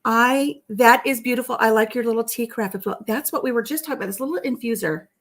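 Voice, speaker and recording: A woman hosting a live stream in casual chat. She reads out viewer comments, answers them, and tells a story with soft asides. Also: fairly high pitch, fast talker.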